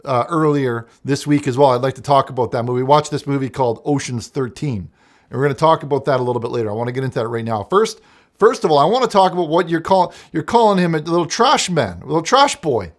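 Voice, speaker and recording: A man's voice: medium pitch, quick pace. Rambling man hosting a call-in show. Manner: rambling, hesitant, full of restarts. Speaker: host.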